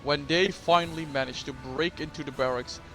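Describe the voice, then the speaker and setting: A man's voice: a little high, steady tone, normal speed, a bit bright, faint music behind. A man voicing a stern veteran soldier who counsels his captain in a game. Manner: stern, solemn. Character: grim stern male veteran soldier adviser.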